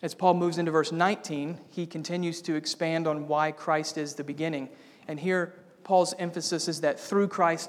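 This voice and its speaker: A man's voice: a little high, level tone, normal speed. A man preaching a sermon as pastor, building to bold, emphatic declarations. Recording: long reverb of a church hall.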